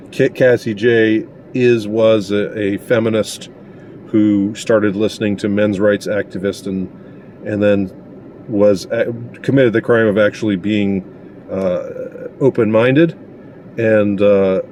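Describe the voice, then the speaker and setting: A man giving a casual opinion monologue, indignant and sarcastic, pausing often as he talks. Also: lowish voice, a little mellow, slight background noise. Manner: indignant and sarcastic, halting with many pauses. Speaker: commentator.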